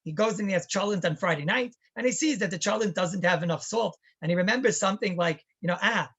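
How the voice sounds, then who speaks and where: A man's voice: high-pitched, quick pace, fairly bright tone. A man, a rabbi, teaching a halacha class in a chatty lecture style, telling stories and asking rhetorical questions.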